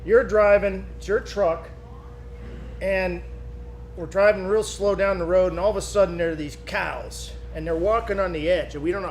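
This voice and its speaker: High-ish voiced guy telling a wild story at a party, punchy, some faint hiss. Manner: vivid, punchy play-by-play recounting. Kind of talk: casual storytelling. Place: birthday gathering.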